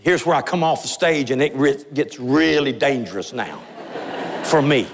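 A man's voice: mid-range voice, expressive, normal speed, big-room sound. A middle-aged man, a pastor, preaching an impassioned sermon in a church sanctuary, with his voice rising and falling for emphasis.

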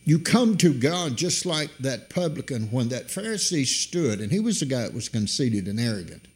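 A middle-aged man preaching a sermon, his voice jumping up suddenly in pitch and loudness to drive points home.

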